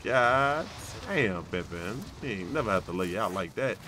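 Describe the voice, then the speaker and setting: A man's voice: on the low side, expressive, moderate pace, bright, forceful tone, slight background noise. A man streaming a shooter game, teasing his teammates playfully with old-school slang. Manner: playful, teasing, full of retro slang and laughter. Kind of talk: casual gaming commentary.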